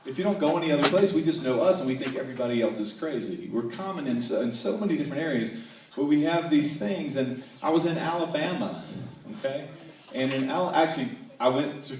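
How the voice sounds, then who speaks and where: A man's voice: medium pitch, noisy background. A man from North Carolina doing a playful stand-up comedy set, with frequent asides to the audience. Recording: echoey hall, distant mic, faint ambience.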